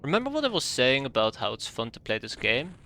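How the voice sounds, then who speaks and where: A man's voice: mid-range voice, huge pitch swings, fast, bright, forceful tone, a little hiss or hum. A young man streaming a strategy game live, giving sarcastic, exasperated running commentary and muttering through his calculations.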